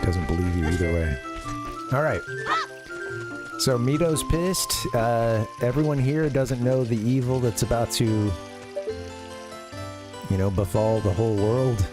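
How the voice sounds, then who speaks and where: A man's voice: medium pitch, measured pace, pauses often. An American man giving casual, rambling commentary as a game streamer, full of fillers and asides. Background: game music.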